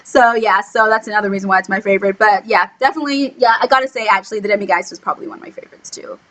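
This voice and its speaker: A woman chatting casually in a film review vlog, gushing and excitable, full of "like" fillers, acting out quotes with sudden squeals. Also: rapid-fire, low-quality recording. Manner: acts out quotes with sudden high squeals and whispers. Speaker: book blogger reviewing a film. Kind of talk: casual chat.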